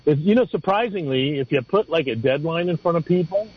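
Male radio caller, husky voice, rambling and halting, dull lo-fi phone-in sound. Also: fairly high pitch, animated. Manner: rambling, halting, many restarts.

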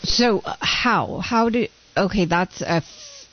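A woman's voice: medium pitch, huge pitch swings, slow, breathy edge, dull audio. A woman interviewer who encourages her guest with frequent affirmations in a conversational way.

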